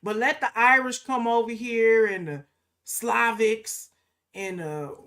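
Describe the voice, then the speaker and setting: A woman's voice: fairly high pitch, slow pace, a bit bright. A woman co-hosting a podcast in casual, emphatic conversation, often punctuating her points with "okay?" and slipping into mocking quoted asides. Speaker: podcast co-host.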